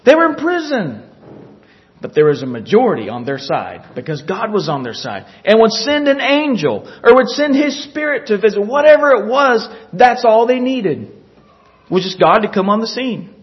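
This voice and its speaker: A man preaching a sermon, animated, acting out scripture scenes with little chuckles. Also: high-pitched, moderate pace. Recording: dull lo-fi recording.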